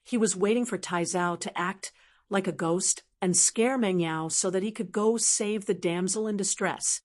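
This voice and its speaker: A woman narrating a web novel audiobook with a steady, even reading. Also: medium pitch, normal speed.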